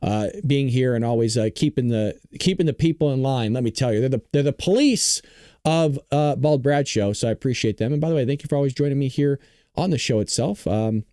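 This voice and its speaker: A man hosting a live-stream political commentary show, chatty and reacting to his chat, hoarse from losing his voice. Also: mid-range voice, fairly quick, mellow, no echo, clean studio sound.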